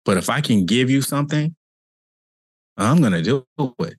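A man who coaches people through cancer and hosts a podcast delivers a reflective, motivational monologue, speaking earnestly and conversationally and often repeating himself for emphasis. His voice is medium-pitched, animated and slightly rough, at a normal speed, in a dry recording.

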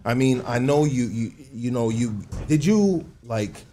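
A man hosting a podcast in loose casual chat. He tells a story full of street slang and acts out the people in it, his voice leaping up for the quotes. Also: a little slow. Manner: animated, acts out quotes with big pitch jumps and slang. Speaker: podcast host.

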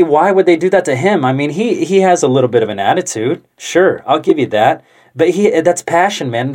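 A man's voice: fairly high pitch, darkish tone. Chatty rambling man. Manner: chatty, self-talking, swears casually. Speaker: vlogger. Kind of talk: casual rambling monologue.

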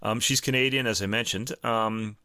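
Bright, dry-voiced man chatting casually. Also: lowish voice, fairly even intonation, normal speed, clean tone, dry recording. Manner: hesitant, stumbles over French titles; laughs often, lots of restarts. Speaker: podcast co-host. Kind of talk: casual chat.

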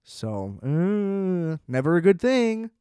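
A man's voice: high-pitched, sing-song, slow, mellow, clear, resonant tone, dry recording, studio quality. A man in his twenties giving a casual, sarcastic movie review, scoffing and swearing freely as he rants. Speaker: film reviewer.

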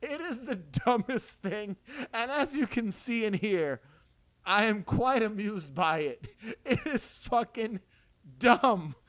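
A man hosting a casual podcast, retelling scenes with frequent laughter and animated energy. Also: high voice, slow pace. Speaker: podcast host.

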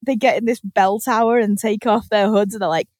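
A woman's voice: medium pitch, fairly even intonation, a little fast, a little mellow, no room sound. A woman hosting a podcast, telling a story in casual chat with lots of laughter and freely swearing. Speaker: podcast host.

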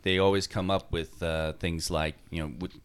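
A man's voice: low voice, little pitch movement, moderate pace, slight background noise. A man with a New York accent explaining things at length in a casual chat, with many fillers.

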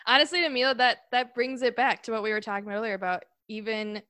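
A woman musician appearing as a podcast guest, talking in a relaxed way with hesitant fillers and easy laughs. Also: on the high side, quick pace, no echo. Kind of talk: casual podcast interview.

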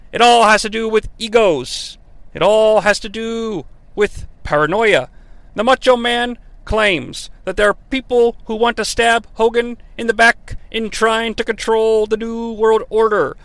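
An earnest male wrestling commentator, as a man puts him on in a higher pitch than his usual voice. He speaks in a solemn broadcaster cadence that runs on and on, bright and forward, in a dry, close sound. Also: no room sound, full character voice. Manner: solemn broadcaster cadence, long run-on sentence.

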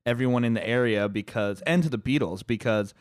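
A man co-hosting a casual podcast, rambling in a relaxed way and swearing casually. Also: medium pitch, fairly quick, no echo. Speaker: podcast co-host. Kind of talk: casual chat.

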